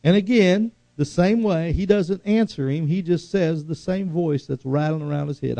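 A man preaching a sermon, swinging from loud, high exhortation to hushed, slow earnestness. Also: gravelly, no echo.

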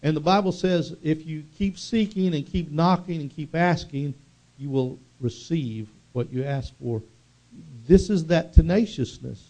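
A male preacher delivering a sermon in a mellow, somewhat high voice. He presses his points with emphasis and lingers on the words he wants to land, stretching them out slowly. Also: lo-fi sound.

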